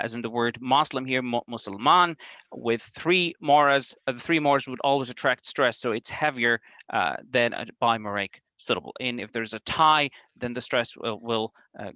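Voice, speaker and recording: Measured man giving an academic talk. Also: mid-range voice, pushed and bright, no room sound, muffled recording. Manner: careful, measured, with frequent um and uh fillers and restarts. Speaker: academic presenter. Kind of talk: conference talk on linguistics.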